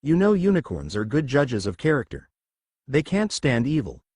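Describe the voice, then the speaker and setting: A man's voice: medium pitch, huge pitch swings, moderate pace, a little mellow, husky, no room sound. A man voicing a sarcastic teenage girl witch, daughter of a sea god, with a dry mocking delivery in a storybook reading. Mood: calm.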